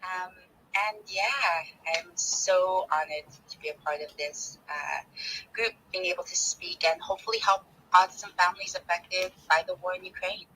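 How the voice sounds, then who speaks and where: A woman's voice: fairly low pitch, fairly even intonation, normal speed, pushed and bright, soft background music, rough recording. A woman psychotherapist from Southern California introducing herself politely on an audio chat, with hesitant fillers. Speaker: psychotherapist guest.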